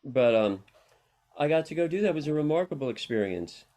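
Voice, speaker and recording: A man's voice: a little high, animated, brisk, dark tone. A middle-aged man, a guest on an interview show, telling long rambling personal stories with frequent laughs. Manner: rambling, anecdotal, laughs often. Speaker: interview guest, harm reduction worker. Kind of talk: casual storytelling interview.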